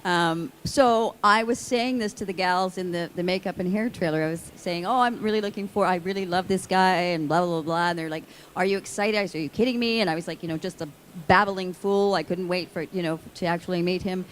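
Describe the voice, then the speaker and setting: A woman actor on a convention panel, telling a self-mocking story to the audience in a lively way. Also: on the low side, fairly quick, few pauses, a little hiss or hum.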